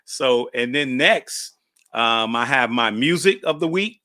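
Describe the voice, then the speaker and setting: A man's voice: mid-range voice, lively intonation, takes it slowly, sharp tone, dry recording, studio quality. A man hosting a podcast, talking in a chatty, folksy way and laughing as he tells stories. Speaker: podcast host. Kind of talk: casual podcast monologue.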